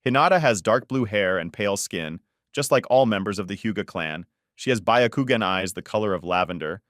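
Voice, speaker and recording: A man reads a fan story aloud in a flat, even narration. His voice sits low and the sound is dry, with no room around it. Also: dry recording.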